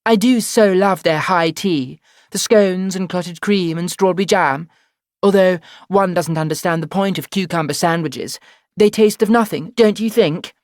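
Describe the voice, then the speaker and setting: A man reading an audiobook, voicing a guarded, sharp-tongued teenage girl with quick, sarcastic retorts. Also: mid-range voice, dry recording, studio quality, voice pushed up, close to an everyday voice. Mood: mock posh.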